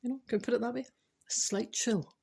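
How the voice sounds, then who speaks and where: Husky-voiced Scottish woman, chatty. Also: on the high side, fairly even intonation, brisk, a little mellow. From Scotland. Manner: chatty, giggly, asides to the viewer. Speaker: vlogger telling funny stories. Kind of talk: casual storytelling.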